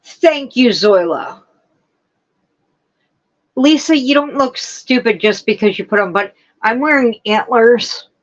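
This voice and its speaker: A woman's voice: a little high, animated, slow pace, pauses often, lo-fi sound. A woman hosting a casual livestream, chatting and answering her viewers' comments one by one. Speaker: livestream host. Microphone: streaming setup with laptop.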